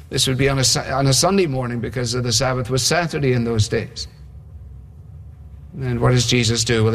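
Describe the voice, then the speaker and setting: A male preacher giving a sermon in a conversational way, often asking his listeners rhetorical questions. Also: mid-range voice. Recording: long hall reverb.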